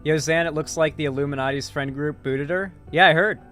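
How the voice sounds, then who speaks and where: A man's voice: fairly high pitch, brisk, a bit bright, soft background music. Profane, rambling male streamer. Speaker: streamer and political commentator. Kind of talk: livestream reaction commentary.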